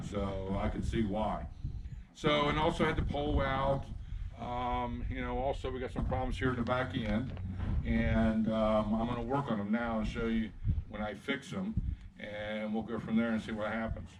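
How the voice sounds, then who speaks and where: A man's voice: mid-range voice, fairly even intonation, moderate pace. A man working as a horse chiropractor, explaining his work in a rambling, casual way while soothing the horse between remarks. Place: outdoors with a horse. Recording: noisy outdoor recording.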